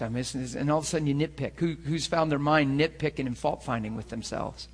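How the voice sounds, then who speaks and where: A man preaching a sermon to a class. His voice is husky and sits a little high for a man. He talks in an animated, conversational way, the way a teacher speaks straight to his students. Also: a little fast.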